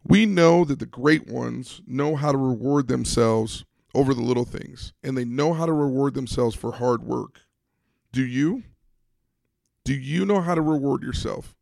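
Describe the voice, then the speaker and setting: A middle-aged man hosting a motivational podcast, telling coaching stories in a storytelling manner and getting animated when he quotes players. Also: medium pitch, a little slow, gravelly, no room sound, studio quality. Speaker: podcast host and former coach.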